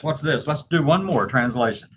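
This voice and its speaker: A man hosting a casual video, laughing often and slowly dictating his words as he types. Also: medium pitch, animated, a bit bright, slight background noise. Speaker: video host. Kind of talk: casual chat while typing.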